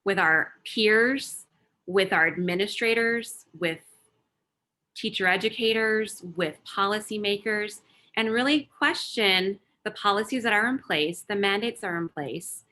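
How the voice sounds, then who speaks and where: A woman summing up a panel discussion on an online event, measured and deliberate, listing points one after another. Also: mid-range voice, sharp tone. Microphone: video call.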